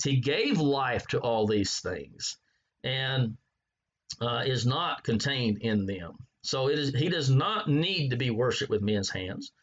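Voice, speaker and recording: A man preaching a Bible sermon, halting often with fillers and repeated words as he reads and explains scripture. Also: on the high side, fairly bright tone, husky, dull audio.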